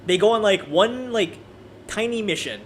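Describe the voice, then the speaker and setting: High-voiced man ranting casually. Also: moderate pace, slight background noise. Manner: animated, profane, frequent restarts. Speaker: anime video creator.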